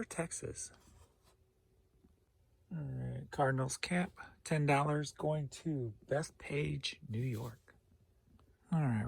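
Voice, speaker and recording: A man's voice: mid-range voice, gravelly, darkish tone, dry recording. A man giving a laid-back rundown of items he sold online, listing each one and where it is going, chuckling now and then. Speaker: online reseller. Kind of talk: casual sales rundown.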